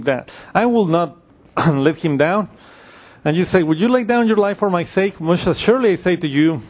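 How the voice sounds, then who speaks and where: Unhurried man teaching the Bible. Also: on the high side, a little mellow, breathy edge. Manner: unhurried, with frequent fillers and restarts while explaining scripture. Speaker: preacher.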